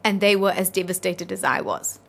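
A South African woman in her thirties, an interview guest telling a personal story in an earnest, halting, heartfelt way. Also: lowish voice, vocal fry, fairly bright tone, husky.

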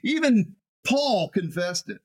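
A man, a pastor, preaching a sermon in an animated way, often repeating words as he builds a point. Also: high-pitched, slow pace, slightly rough.

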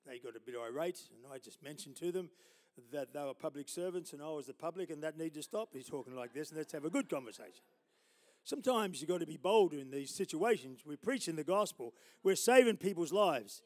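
An older Australian man, a pastor, telling his testimony in a sermon with loud preaching bursts and laughter. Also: on the high side, expressive, brisk.

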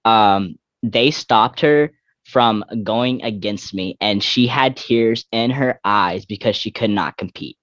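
Young male guest from Texas, lowish voice, rambling casual talk, dull dry lo-fi sound. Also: fairly bright tone, no echo. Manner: rambling, heavy filler "like", quick restarts. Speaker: guest athlete.

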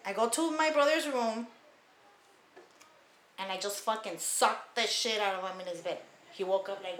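A woman's voice: a little high, moderate pace. A woman co-hosting a podcast, telling a family story in casual chat, swearing freely and acting out the people she quotes. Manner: profane, animated, acts out quoted people. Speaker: podcast co-host. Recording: echoey room.

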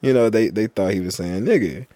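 A man's voice: lowish voice, fairly quick, warm tone, no room sound. A man co-hosting a podcast, talking in a laid-back, hesitant and wry way in casual chat. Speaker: podcast co-host.

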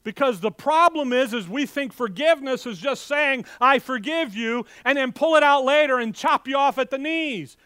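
A man preaching a sermon with fiery, animated delivery, swinging between loud outbursts and hushed asides and speaking in a folksy, direct way to his congregation. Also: very high-pitched, normal speed, few pauses, clear, resonant tone, dry recording. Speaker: pastor.

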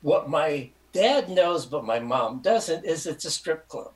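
This older Michigan man talks slowly in a fairly high voice, with slight background noise over a low-quality recording. As an interview guest, he rambles through a casual story with animation, voicing the people he quotes along the way.

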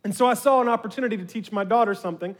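A man's voice: high-pitched, rapid-fire, long reverb tail. A male pastor preaching a sermon, telling stories and drawing in his congregation. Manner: storytelling, animated with his congregation.

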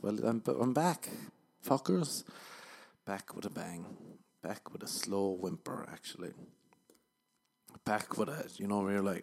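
A gravelly, darkish low voice with a breathy edge and normal speed carries this casual podcast monologue. The speaker is a young Irish stand-up who hosts the show, his voice tired from overuse as he rambles, swears, and mocks himself.

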